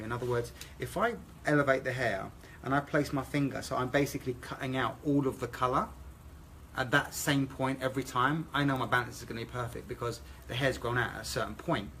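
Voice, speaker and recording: A man's voice: mid-range voice, brisk, a bit bright, a little hiss or hum. A man with a British accent, a hair educator explaining a live haircut demonstration step by step. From England. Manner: explains steps methodically, asks okay?.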